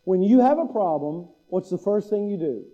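A man's voice: high voice, animated, normal speed, mellow, dull audio. A man preaching a sermon as pastor, asking the listeners a string of rhetorical questions and building to urgent emphasis.

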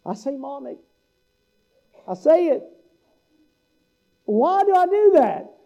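Middle-aged male preacher, folksy, high voice, muffled lo-fi sound. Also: very animated, slow, dark tone. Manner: folksy, mimics local speech for laughs. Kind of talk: sermon. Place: church hall.

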